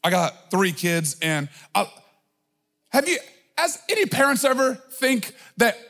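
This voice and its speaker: High-voiced man preaching emphatically. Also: very animated, measured pace, sharp tone. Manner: emphatic, conversational preaching with many filler "like"s. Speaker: pastor. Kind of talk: sermon.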